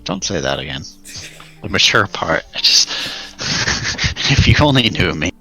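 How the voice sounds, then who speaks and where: Deep young guy streaming, gravelly but bright, swings way up high when he gets worked up, chill music under. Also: measured pace. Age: late teens. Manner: animated, jumps to high squeaky pitch when excited. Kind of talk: casual chat while drawing.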